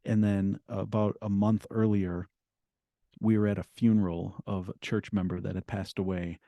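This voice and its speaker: A middle-aged man, a guest author, telling his story in an interview in an earnest, halting way with frequent restarts. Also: lowish voice, little pitch movement, dark tone, dry recording.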